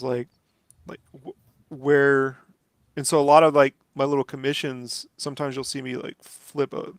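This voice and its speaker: A comic artist chats casually while inking, rambling with lots of "like" and "you know" and the occasional swear. His mid-range voice is creaky, and the recording is dry and studio-clean.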